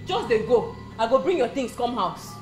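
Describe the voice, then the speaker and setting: A woman's voice: a little high, sing-song, normal speed, a little mellow, echoey room, faint music behind. An actress playing a woman who speaks Nigerian Pidgin and scolds, mocks and orders people out. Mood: scolding. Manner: scolding, mocking. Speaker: angry woman throwing out a rival. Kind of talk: Nollywood film acting.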